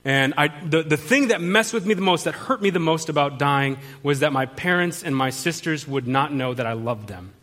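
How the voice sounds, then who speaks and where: A man's voice: on the high side, animated, normal speed, hardly any pauses, a bit bright. A man pastor delivering a sermon as an earnest, confessional personal testimony, often restarting his sentences.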